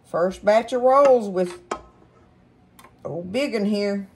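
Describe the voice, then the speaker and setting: A woman's voice: medium pitch, slow, a little mellow, slight background noise. A woman hosting a casual home cooking demonstration in her kitchen, chatting folksily and calling her viewers y'all. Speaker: cooking show host.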